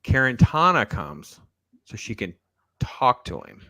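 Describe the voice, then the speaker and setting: A man's voice: medium pitch, sing-song, measured pace, pushed and bright, dry recording. A man hosting a casual reaction stream, riffing sarcastically and talking straight to his viewers. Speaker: show host.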